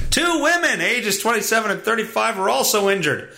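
A man's voice: high-pitched, very animated, normal speed, gravelly, pushed and bright. A man hosting a solo podcast, reading news stories aloud in a profane, sarcastic, rambling comedic rant. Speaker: podcast host.

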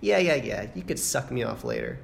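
A man's voice: wildly swooping pitch, a little fast, gravelly. A man delivering a boastful, trash-talking mock radio segment to his rival league members. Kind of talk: mock radio show taunt. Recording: low-quality noisy recording.

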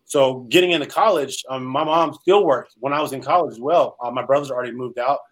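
A man's voice: medium pitch, a little fast, poor audio. A man from California, a former pro football player, telling his life story in an interview, earnest and rambling with many fillers. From Salinas, California.

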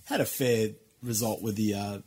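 Relaxed Aussie co-host, slightly raspy tone, easygoing banter. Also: male voice, lowish voice, normal speed. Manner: laid-back, agreeable, laughs along. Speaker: podcast co-host. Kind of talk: casual chat.

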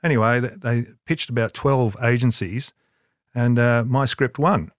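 A rambling older man spins a self-deprecating yarn, stopping and restarting his sentences. His voice is mid-pitched and dry, close to the mic. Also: unhurried, no room sound. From Australia. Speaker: interview guest, advertising creative. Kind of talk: casual anecdote telling.

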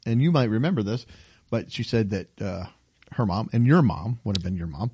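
Animated man telling funny stories. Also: lowish voice, a little fast, breathy edge. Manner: animated storyteller, acts out voices with laughs. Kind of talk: casual chat.

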